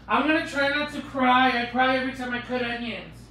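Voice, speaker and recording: A man's voice: very high voice, fairly quick, few pauses, bright, forceful tone, roomy sound, a little hiss or hum. Playful man hosting a live cooking stream. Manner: playful, joking, chats with viewers. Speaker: cooking livestream host. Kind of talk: casual live cooking chat.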